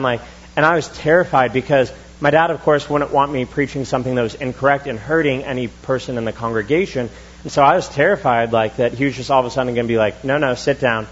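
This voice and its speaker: Young male preacher, husky mid-pitched voice, casual conversational sermon, dull church recording. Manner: relaxed, chatty, quick asides. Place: church sanctuary.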